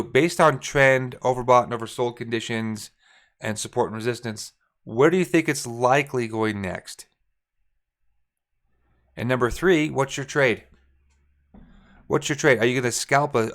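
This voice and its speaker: A man coaching viewers through forex charts on a screen share, relaxed and thinking aloud, often correcting himself mid-sentence. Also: mid-range voice.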